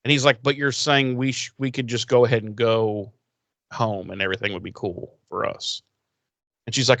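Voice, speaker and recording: A man's voice: medium pitch, fairly even intonation, normal speed, a bit bright, no echo. A podcast co-host man recapping a TV episode in rambling casual chat, acting out the characters' lines and swearing freely.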